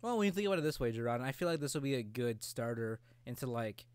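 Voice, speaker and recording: Male podcast co-host, mid pitch, teasing and rambly, laughs often. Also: expressive, quick pace, a little mellow, clear, resonant tone, dry recording. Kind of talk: casual chat.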